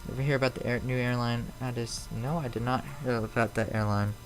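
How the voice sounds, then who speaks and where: A man with a Chicago accent talks to his live-stream viewers in a loose, rambling way, full of fillers, and gets a little defensive when they push back. His voice sits at an ordinary middle pitch and comes through a streaming mic. Faint music plays underneath. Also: fairly even intonation, a little fast, poor audio. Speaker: flight-sim live streamer. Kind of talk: casual live-stream chat, answering viewers.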